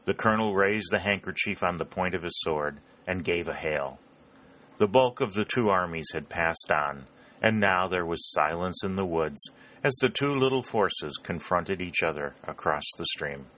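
Deep-voiced male audiobook narrator. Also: lively intonation, moderate pace, pushed and bright. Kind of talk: scripted narration.

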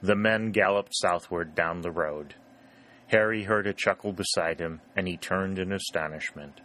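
Male narrator, low voice, steady storytelling, scripted reading. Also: normal speed. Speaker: audiobook narrator.

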